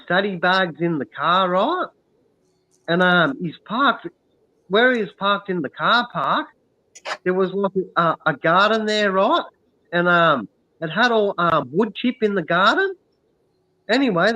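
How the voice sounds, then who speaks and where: A man's voice: high voice, bright, forceful tone. An Australian man telling a long casual story, full of "um" and "right?" asides. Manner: rambling, many "um" and "right?". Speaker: stream co-host. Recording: dull lo-fi sound.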